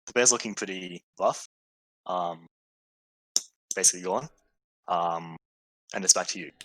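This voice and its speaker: Game master, male, lowish bright voice, hesitant and easygoing, dry close sound. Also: unhurried, no room sound, poor audio. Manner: hesitant, many fillers, easygoing. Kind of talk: narrating a tabletop game.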